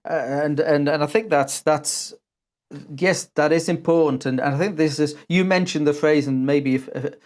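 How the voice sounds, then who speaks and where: A man hosting a casual online chat about sales, talking in a halting way with many restarts. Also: on the high side, fairly even intonation, darkish tone. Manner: hesitant, many restarts and fillers. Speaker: host.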